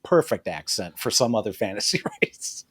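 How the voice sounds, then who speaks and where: A man's voice: on the low side, sing-song, normal speed, a bit bright, slightly rough, no echo, studio quality. Profane joking man recapping a show. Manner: profane, jokey, laughs often. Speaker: podcast co-host. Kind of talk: casual recap chat.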